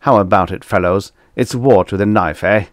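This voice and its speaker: A man's voice: fairly low pitch, normal speed, no room sound, studio quality, natural voice. A man voicing a boastful, warlike alien male ruler who hoots and blusters in a storybook reading. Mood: blustering. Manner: hooting, blustering, bellowing.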